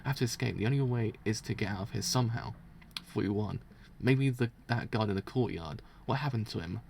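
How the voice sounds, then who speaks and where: A man voicing a cold, scheming male priest villain while reading a manga aloud, muttering and counting prime numbers to steady himself. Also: lowish voice, fairly quick, gravelly, a little hiss or hum. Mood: anxious, hushed.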